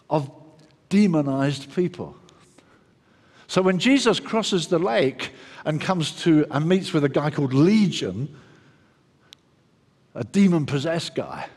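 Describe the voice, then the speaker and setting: A man preaching a sermon in an animated way, acting out the quoted lines and often restarting his sentences. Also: high-pitched. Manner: animated, acts out quoted voices, frequent restarts. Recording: long hall reverb.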